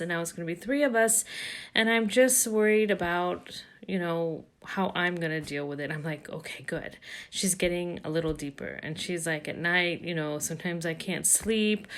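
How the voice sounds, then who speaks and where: Chatty woman coach, lowish voice. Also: a bit bright. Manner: conversational, retells dialogue, many fillers. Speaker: coach for mothers. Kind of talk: casual talking-to-camera advice.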